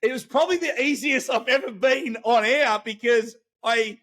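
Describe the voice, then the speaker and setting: Lively, bright Australian man. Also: extremely high pitch, normal speed. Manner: animated, loose and profane. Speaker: podcast guest. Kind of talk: casual storytelling.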